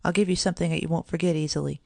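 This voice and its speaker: A storyteller voicing a harsh, scolding old male shopkeeper in a storybook reading, with a deeply gravelly voice. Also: fairly even intonation, very fast, no room sound. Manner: sharp, scolding and threatening.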